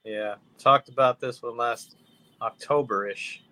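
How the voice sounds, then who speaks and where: A man's voice: medium pitch, fairly even intonation, a little slow, pushed and bright, dry recording, low-quality recording. A man co-hosting a podcast, adding short offhand remarks in casual movie chat. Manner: brief, offhand interjections. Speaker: podcast co-host.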